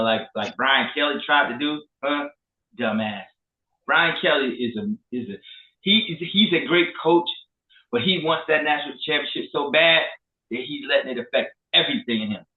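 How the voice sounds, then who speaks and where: A man co-hosting a casual sports talk show, animated and profane. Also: mid-range voice. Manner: animated, profane, trash-talking. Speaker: co-host. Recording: echoey room, phone-like lo-fi.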